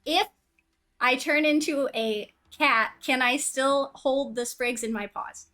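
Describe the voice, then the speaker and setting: A woman's voice: high voice, slow, pushed and bright. A woman playing in a tabletop game, eager and playful, often giggling. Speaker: player. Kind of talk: casual tabletop play.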